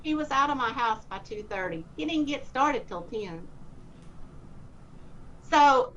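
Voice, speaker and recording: A woman telling a personal faith story in a rambling, animated way and acting out the dialogue. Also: sits high, measured pace. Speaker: speaker sharing a testimony. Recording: muffled with faint hiss.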